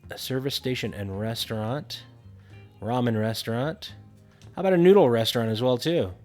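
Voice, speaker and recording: A man's voice: mid-range voice, normal speed, darkish tone, soft background music. A man casually narrating a building game tutorial, thinking aloud with frequent fillers.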